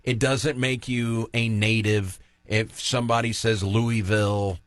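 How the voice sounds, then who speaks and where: Hosting a sports radio show, a man chats casually, shares strong opinions, and tells stories from the studio. His mid-range voice is level in tone, a bit bright, and a little slow, with no echo in the recording.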